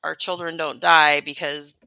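Low, gravelly, bright-toned woman co-host. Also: little pitch movement, measured pace, no echo, rough recording. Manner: warm, laughs often, thinks out loud. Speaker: podcast co-host. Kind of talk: casual chat about church talks.

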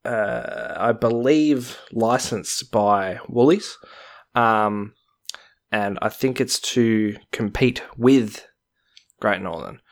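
A man's voice: on the low side, expressive, drawn-out words. A young Australian man co-hosting a casual podcast, wryly reading out researched stories with jokes mixed in. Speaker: podcast co-host.

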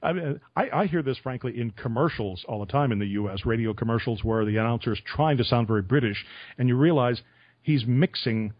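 A man with radio experience, telling stories and giving advice in a relaxed conversational way, chuckling often. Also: medium pitch, fairly quick, no echo, lo-fi sound. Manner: storytelling with chuckles. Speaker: radio interviewer. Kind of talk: conversational podcast interview.

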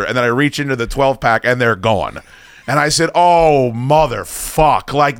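A man in his thirties tells a long, rambling story on a podcast, swearing at every turn. He mocks himself throughout. His voice sits at an ordinary middle pitch, and the recording is dry and close. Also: pushed and bright, no room sound. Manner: rambling, swears constantly, self-deprecating. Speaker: podcast host. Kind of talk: casual profane storytelling.

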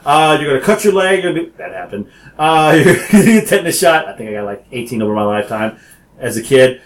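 A man telling childhood stories in casual chat, animated and laughing often as he acts out quotes. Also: mid-range voice, fast. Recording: roomy echo.

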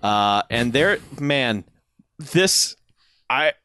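A man's voice: medium pitch, lively intonation, extremely slow, bright, forceful tone, clean tone. A man co-hosting a podcast, recapping a movie in casual chat, sarcastic and laughing often. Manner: sarcastic, laughs often while recounting scenes. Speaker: podcast co-host.

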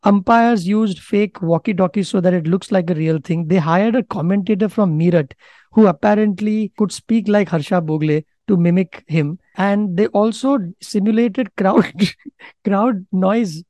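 A man's voice: high-pitched, a little slow, warm tone, no room sound. A man in his thirties with an Indian accent, chatting casually and animatedly on a podcast, laughing often and slipping into Hindi. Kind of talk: casual chat.

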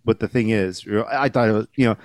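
A man co-hosting a casual movie review podcast, animated, swearing freely and acting out lines he quotes. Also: lowish voice, fast talker, no echo, clean studio sound. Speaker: podcast co-host.

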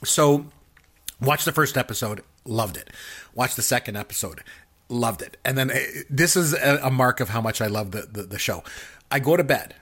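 Man, podcast co-host, casual chat, husky tone, lively storyteller. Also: medium pitch, moderate pace. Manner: animated storytelling, laughs at his own stories.

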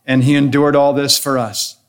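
A man delivering an earnest, measured sermon as pastor, counting off his points and posing rhetorical questions. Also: mid-range voice, little pitch movement.

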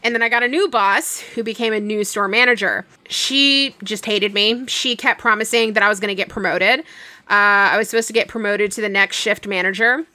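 A woman's voice: medium pitch, brisk, dry recording. A young woman casually telling a long work story, acting out the dialogue as she goes. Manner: animated retelling with quoted dialogue.

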